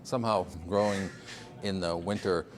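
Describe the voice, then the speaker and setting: An older Vermont man shows someone around a greenhouse in a casual walking-tour interview, rambling with fillers and chuckling often. His voice is deep, his intonation fairly even, and he talks at a normal speed.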